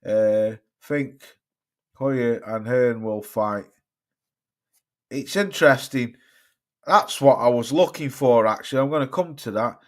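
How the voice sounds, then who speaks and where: A boxing livestream host talks slowly in a mid-range voice, pausing often as he reads viewer comments. Originally from Cheshire, England, he has a Cheshire-Staffordshire mixed accent and rambles casually, swearing frequently.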